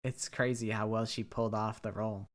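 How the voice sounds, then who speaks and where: A man's voice: on the low side, steady tone, fairly quick. A man streaming a game, reading the dialogue aloud and chatting casually, swearing now and then.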